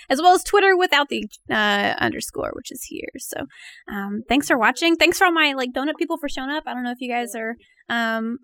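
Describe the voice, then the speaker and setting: Brief: female player, bright tense tone, nervous giggles, dry close mic. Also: on the high side, no room sound. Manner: nervous, giggly, trailing off quietly. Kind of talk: casual chat.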